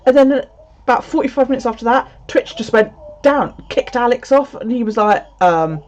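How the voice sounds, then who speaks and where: A woman's voice: on the high side, expressive, normal speed, a little mellow. Chatty, swearing woman streamer. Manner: chatty storytelling, swears freely. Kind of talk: casual livestream chat. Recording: slightly dull lo-fi audio.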